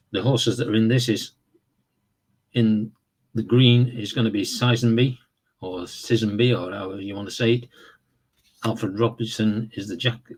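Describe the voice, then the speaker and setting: A man casually walking through the rules of a horse racing board game, explaining in a relaxed, rambling way with fillers and self-corrections. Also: fairly low pitch, husky. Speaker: tabletop game reviewer. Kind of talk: casual tabletop game walkthrough.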